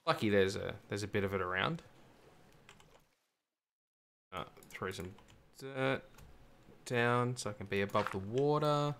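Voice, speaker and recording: A man with a low, bright voice talks himself through a game session, step by step. He is chatty and self-mocking. Faint keyboard clicks sit behind him. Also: normal speed, vocal fry, a little hiss or hum. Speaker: gamer streaming a survival server. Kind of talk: casual let's-play commentary.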